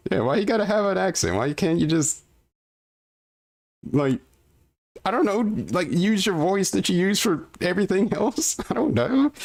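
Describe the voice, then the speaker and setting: A man's voice: a little high, creaky, a little mellow. Incredulous man ranting on a stream. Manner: incredulous, ranting, swears freely. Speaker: streamer reacting to a video. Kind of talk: casual reaction commentary.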